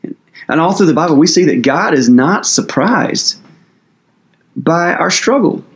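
A man's voice: on the high side, lively intonation, a little slow. A man preaching as pastor in a conversational sermon, earnest and casual, with loose phrasing and plenty of fillers.

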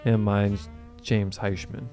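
A man's voice: lowish voice, little pitch movement, takes it slowly, music in the background. A man co-hosting a casual podcast chat, playful and jokey. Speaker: podcast co-host.

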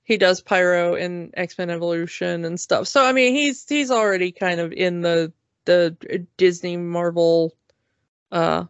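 Woman, podcast co-host, casual chat, very slow, halting, many fillers, dull dry recording. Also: lowish voice, smooth, no room sound.

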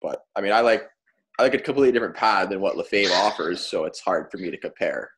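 A man with a low, deep voice chats on a casual podcast. He weighs his points in a calm, reasonable way. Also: fast, noisy background. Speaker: podcast co-host, former goalie.

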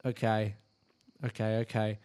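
A man's voice: fairly low pitch, completely flat delivery, unhurried, a little mellow, clear, resonant tone. A man chatting casually on his own podcast, swearing freely and poking fun at himself. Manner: chatty, swears a lot, self-mocking. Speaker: podcast host. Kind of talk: casual solo podcast chat.

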